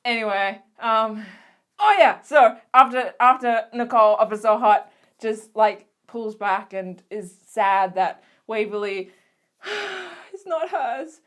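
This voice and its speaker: A young Australian woman recapping her favorite shows in a casual, gushing vlog, giggly and excitable, full of fillers. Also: a little high, takes it slowly. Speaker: vlogger.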